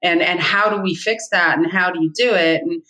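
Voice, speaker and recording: Blunt, bright-voiced middle-aged woman. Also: fairly low pitch, steady tone, a little fast, low-quality recording. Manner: blunt, emphatic, repeats key points. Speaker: real estate agent, guest. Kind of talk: candid interview talk.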